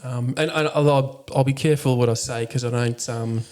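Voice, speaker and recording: A man's voice: mid-range voice, fairly even intonation, brisk, a little mellow. A man who is a military veteran and father, speaking frankly and reflectively as a podcast guest and swearing freely. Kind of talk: candid reflective conversation.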